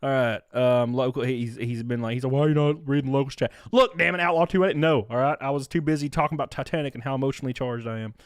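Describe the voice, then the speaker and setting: A man in his thirties hosting a casual streamed podcast, crude and excitable, laughing loudly and reading out chat messages. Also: medium pitch, quick pace, hardly any pauses, no room sound, studio quality. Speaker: streamer host.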